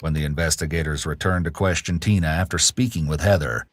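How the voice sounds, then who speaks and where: A man giving measured, analytical scripted narration for a true crime show. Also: a bass voice, steady tone, no echo. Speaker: documentary narrator.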